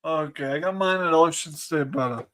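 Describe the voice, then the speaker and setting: A man's voice: fairly high pitch, moderate pace, fairly bright tone, dry recording. A man from New England with a Boston accent, chatting casually as a livestream guest, laughing often and swearing freely. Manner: laughing, profane storytelling. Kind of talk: casual chat.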